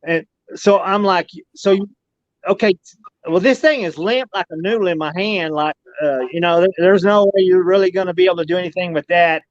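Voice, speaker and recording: A man with a fairly high voice spins a long, rambling tale, repeating himself as he goes. His folksy speech comes through a dull, lo-fi line with no room sound around it. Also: fairly quick, no echo. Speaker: podcast guest recounting an alien encounter. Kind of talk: casual storytelling.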